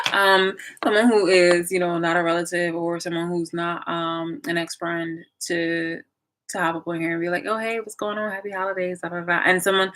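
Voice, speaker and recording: A woman's voice: low-pitched, bright, forceful tone, low-quality recording. A young woman chatting casually on a live stream, rambling with many fillers and restarts. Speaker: vlogger waiting for live chat.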